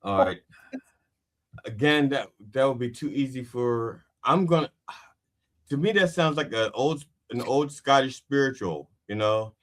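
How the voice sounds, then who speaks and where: A man appears as a guest comedian on a casual comedy podcast, riffing loosely and rambling with many restarts and "you know"s. His voice is medium in pitch and fairly bright, with lively intonation and a measured pace.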